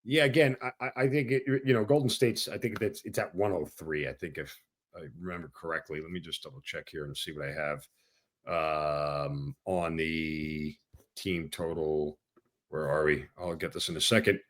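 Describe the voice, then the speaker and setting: A man co-hosting a sports betting show, talking in a relaxed, dry, self-deprecating way. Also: rumbling low, moderate pace. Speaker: sports betting analyst, co-host. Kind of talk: casual sports betting talk.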